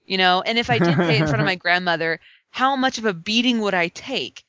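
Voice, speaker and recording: A woman's voice: lowish voice, fast, dry recording. Laughing woman, dull dry podcast sound. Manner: laughs often, animated. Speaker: podcast co-host. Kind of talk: casual chat.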